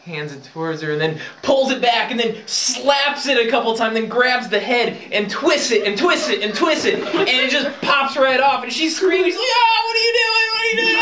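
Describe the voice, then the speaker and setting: A speaker telling a long joke aloud in a classroom, rambling with many fillers. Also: mid-range voice. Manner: rambling with many fillers, building to gleeful excitement. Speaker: joke teller. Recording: roomy, distant, noisy room recording.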